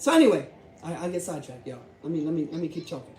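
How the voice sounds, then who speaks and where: A man hosting a commentary vlog, talking emphatically, repeating himself and building up to shouting. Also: a little high, very animated, racing. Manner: emphatic, repetitive, rising to shouts. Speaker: YouTube host. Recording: echoey room.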